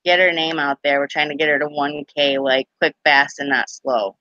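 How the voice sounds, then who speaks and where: Bright, giggly woman hosting a live chat. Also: deep voice, fairly even intonation, moderate pace, dry recording, lo-fi sound. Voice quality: giggly, rambling, lots of "like". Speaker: live stream host.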